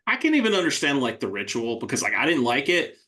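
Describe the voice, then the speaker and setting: A man's voice: mid-range voice, big pitch swings, fast, pushed and bright. A man co-hosting a horror film review podcast, chatting in an easygoing way. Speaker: podcast co-host. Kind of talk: casual film review chat.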